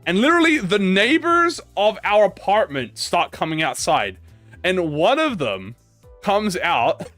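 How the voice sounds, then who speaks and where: A man's voice: sits high, very animated, a little slow, a bit bright, dry recording, soft background music. A young man, a gaming YouTuber, telling a rambling, profane anecdote in casual chat, with lots of restarts.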